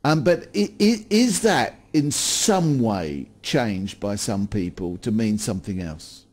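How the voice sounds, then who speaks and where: A man's voice: fairly low pitch, lively intonation, takes it slowly, husky. Man host asking rambling questions. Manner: rambling, thinking aloud with many restarts when asking questions. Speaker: program host. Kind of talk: studio conversation on scripture.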